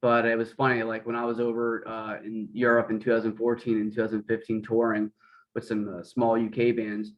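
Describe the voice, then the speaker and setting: American man, even monotone delivery, easygoing interviewer, casual chat. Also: fairly low pitch, fairly quick, muffled recording. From Pennsylvania, United States.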